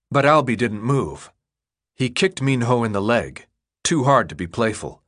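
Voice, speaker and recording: A man narrating an audiobook in a steady, expressive reading. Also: medium pitch, measured pace. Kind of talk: scripted narration.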